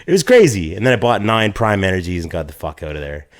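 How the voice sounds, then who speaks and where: A podcast co-host from Canada, chatting casually and swearing, full of "like" and laughing mid-story. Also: male voice, low voice, very animated, fast.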